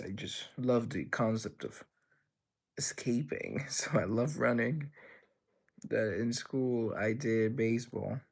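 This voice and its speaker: A young adult with a medium-pitched, slightly rough voice runs a livestream. He reads chat aloud and answers in a loose, playful, rambling manner.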